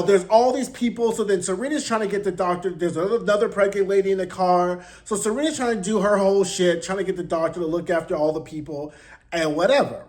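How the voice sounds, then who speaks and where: A man hosting his own channel, recapping an episode in a casual, sassy, blunt and slangy way into a close mic. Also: high-pitched. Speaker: host.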